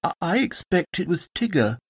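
A man voicing a small, timid male piglet who speaks softly, nervously and with stammers, in a storybook reading. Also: high voice, very animated, normal speed, breathy edge, pitched above the performer's own voice, heavily acted.

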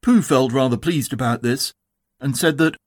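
Man reading a children's storybook. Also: medium pitch. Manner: calm, measured, expressive. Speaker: narrator.

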